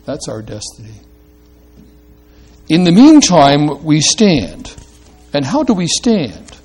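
Slow, deliberate male preacher. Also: a little high, huge pitch swings, darkish tone, slightly rough, soft background music. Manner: slow and deliberate, rising to emphatic, reads out Hebrew verse. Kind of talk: sermon.

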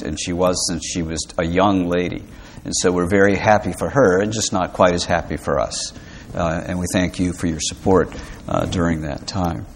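A man's voice: low voice, slight background noise. Hesitant, emphatic male preacher. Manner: hesitant with frequent "uh", then emphatic, stressing key words. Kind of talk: sermon with scripture reading. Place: church before a congregation.

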